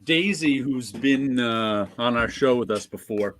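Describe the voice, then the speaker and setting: A man's voice: mid-range voice, a little slow, fairly bright tone, slight background noise. Laid-back man, easy chuckles. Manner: laid-back, chuckles often, brief replies. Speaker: co-host. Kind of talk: casual chat.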